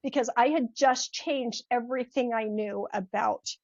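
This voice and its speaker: Older woman, storytelling guest, high voice, dry close sound. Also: unhurried, dry recording, lo-fi sound. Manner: animated, acts out voices in her stories. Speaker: podcast guest, mindset coach. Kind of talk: storytelling in an interview.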